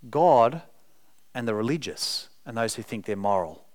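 Male preacher, lively melodic delivery, emphatic and earnest. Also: medium pitch, normal speed. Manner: earnest, emphatic, speaks to the congregation directly. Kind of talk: sermon.

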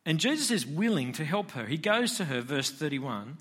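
A man's voice: fairly high pitch, sing-song, moderate pace, a bit bright. Man preaching a conversational sermon. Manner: conversational preaching with rhetorical questions. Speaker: pastor.

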